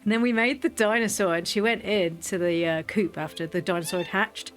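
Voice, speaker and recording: A woman in her thirties chats through a gameplay stream in a medium voice, telling stories with frequent laughs. Soft music plays faintly behind her. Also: medium pitch, fairly even intonation, fairly quick. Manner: chatty storyteller, laughs often. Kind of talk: casual gameplay chat.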